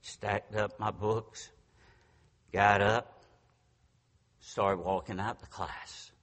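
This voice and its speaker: A man's voice: lowish voice, little pitch movement, very slow, a bit bright. A man in his sixties preaching a storytelling sermon, folksy and self-deprecating. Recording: long reverb from a large hall.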